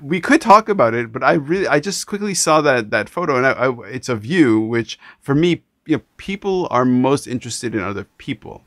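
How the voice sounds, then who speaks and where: Animated Canadian man hosting. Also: medium pitch, a little fast, few pauses, dry recording. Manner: animated, emphatic, frequent restarts. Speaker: podcast host. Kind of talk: casual interview conversation. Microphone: video call.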